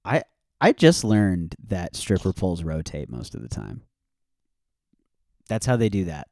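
Low-voiced, swearing podcast host man. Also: big pitch swings, a little slow, gravelly, dark tone, no echo, studio quality. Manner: swears often, laughs a lot, playful. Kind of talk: casual chat.

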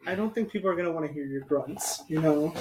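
A man's voice: a little high, brisk, gravelly, a little hiss or hum. A man co-hosting a casual podcast from a bedroom, giggly and teasing. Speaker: podcast co-host. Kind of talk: casual chat.

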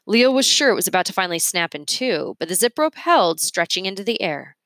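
A woman reading a children's novel aloud with expressive, measured storytelling. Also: medium pitch, no room sound. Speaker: reader.

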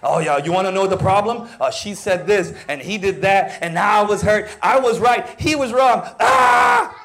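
A preacher putting on an indignant gossip. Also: male voice, high-pitched. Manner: rapid, indignant complaining ending in a yell. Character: gossiping churchgoer airing grievances.

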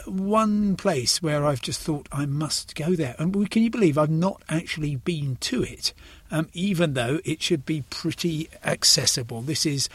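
A man in his sixties from England, chatting hesitantly with many ums and restarts and slowly reading poems aloud. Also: a little high, slightly rough, dry recording. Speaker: poetry reader in a conversation. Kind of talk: casual chat with poetry readings.

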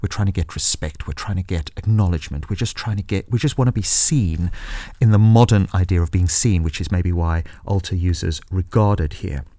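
A man's voice: sits low, moderate pace, mellow, no echo. A man hosting a reflective solo podcast, musing and searching for his words, sometimes reading scripture aloud. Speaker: podcast host.

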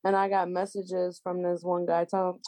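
A woman's voice: on the low side, level tone, moderate pace, warm tone, no echo. A woman chatting candidly and laughing often over a video call. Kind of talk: casual chat.

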